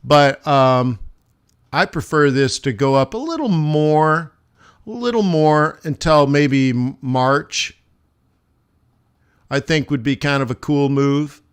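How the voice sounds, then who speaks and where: A man's voice: fairly high pitch, expressive, takes it slowly, clear, resonant tone. Chatty man telling a travel story. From United States. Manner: chatty, many restarts, laughs while telling stories. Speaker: livestream host, forex trader. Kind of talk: casual rambling storytelling. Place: home studio during live stream.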